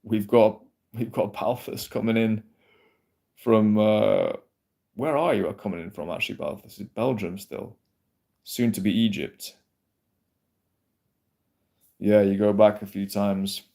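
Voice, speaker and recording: A man's voice: lowish voice, unhurried, vocal fry, long pauses, mellow. A man chatting casually on a livestream, rambling, swearing freely and answering comments from his chat. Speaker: livestream host.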